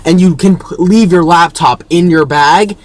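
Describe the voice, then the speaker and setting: A young man telling an exasperated, animated story in a casual, swearing way. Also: on the high side, moderate pace, poor audio. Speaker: storyteller in reacted video.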